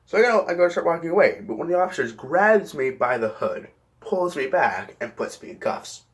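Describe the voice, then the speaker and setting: A man's voice: on the high side, sing-song, fairly quick. A young man casually telling a rambling story, swearing often and correcting himself mid-sentence. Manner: profane, rambling, self-correcting.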